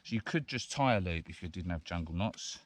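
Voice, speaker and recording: A man's voice: low-pitched, lively intonation, a little fast. A man, a vlogger chatting casually and rambling a little as he demonstrates bushcraft in the woods. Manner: rambling and chatty, with frequent chuckles. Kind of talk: casual outdoor chat and demonstration. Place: woodland outdoors. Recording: outdoor background noise.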